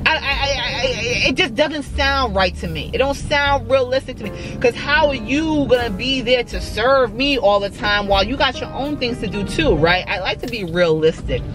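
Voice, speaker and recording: A woman in her thirties talks straight to her camera at home, telling a story with lively, exclaiming delivery and calling out to her viewers. She gets animated and shifts her tone a lot as she goes. Soft music plays behind her voice. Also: a little high, rough recording. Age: 30s. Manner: animated, exclaiming, mimics others, addresses viewers as y'all. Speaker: vlogger. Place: home kitchen.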